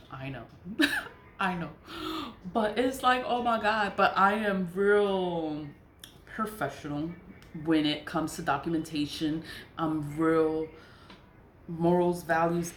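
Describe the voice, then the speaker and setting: A woman rambles through a casual vlog story, circling back on her words and breaking into laughter. Her voice sits a bit low. The room around her is echoey with a faint hum. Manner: rambling, repetitive, laughs often. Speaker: vlogger. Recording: roomy echo.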